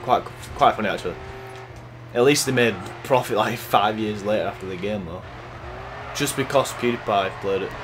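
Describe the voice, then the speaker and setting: A man casually commentating his racing gameplay, chatty and excitable, cursing at the game. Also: on the low side, moderate pace. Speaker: gaming YouTuber. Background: game music.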